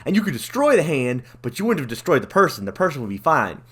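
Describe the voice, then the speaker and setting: A man's voice: on the high side, big pitch swings, fast talker, fairly bright tone, husky, exaggerated voice. A man voicing an ancient male dragon who explains things in casual slang, with lots of "like" and "you see.". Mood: laid-back. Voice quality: casual surfer-style slang.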